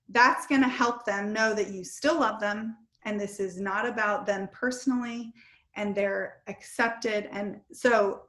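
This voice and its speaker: Candid homeschooling mom on a video call. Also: female voice, on the high side, a bit bright, roomy sound. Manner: candid and self-deprecating, many fillers. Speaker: homeschooling mom giving advice. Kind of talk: casual advice talk on a video call.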